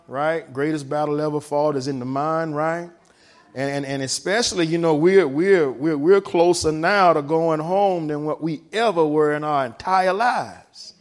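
Speaking in a fairly high pitch, a man preaches a sermon built on reading and explaining a text. He often pauses for a "right?", draws out key words, and moves between hushed and loud.

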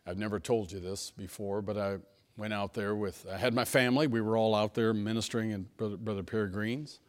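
A pastor preaching a sermon to his church, telling personal stories in a folksy manner that swings between hushed asides and emphatic lines. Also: lowish voice, steady tone, a little fast. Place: church sanctuary.

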